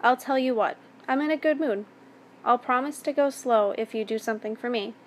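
A woman reading as a calm, domineering man. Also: on the high side, a little hiss or hum, natural voice. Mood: cold commanding. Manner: calm, measured, commanding. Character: calm, domineering adult man, cold and commanding.

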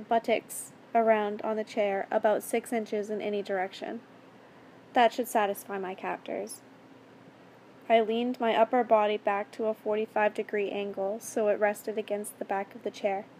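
A woman reading a first-person story aloud in a steady, earnest way. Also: mid-range voice, slight background noise. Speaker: story reader.

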